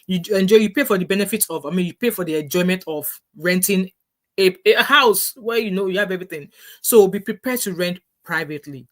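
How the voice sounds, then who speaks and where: A woman's voice: lowish voice, fast talker, a little mellow. Nigerian woman giving earnest advice. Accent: Nigerian English. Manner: earnest, repetitive, with frequent restarts. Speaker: vlogger. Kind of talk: casual advice vlog.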